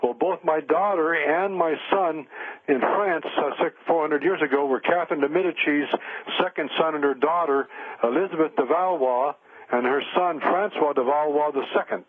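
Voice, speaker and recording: A man's voice: a little high, normal speed, no echo. An older man, a spiritual counselor, telling a long rambling story in a radio interview, with many fillers and restarts. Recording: tinny phone line.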